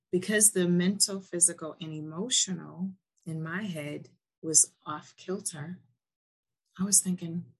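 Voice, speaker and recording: A woman's voice: on the low side, breathy edge. A woman hosting a casual podcast interview, affirming her guest and repeating her praise. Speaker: podcast host.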